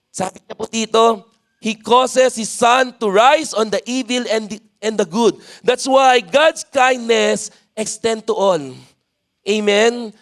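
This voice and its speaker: A man with a Filipino accent preaching a sermon at a church service, leading the congregation and filling his talk with "amen.". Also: high-pitched. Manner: mixes in Tagalog, leads congregation responses, frequent "amen".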